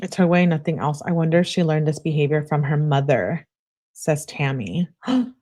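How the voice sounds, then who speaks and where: Between reading quoted texts in her true crime commentary, a young woman drops in short asides. Her voice is low and a little mellow, with lively intonation at normal speed.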